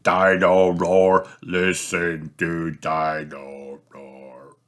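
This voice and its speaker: A man voicing a loud, repetitive singing toy dinosaur in a children's storybook. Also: fairly low pitch, monotone, creaky, heavily acted. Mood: sing-song. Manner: slow sing-song chant.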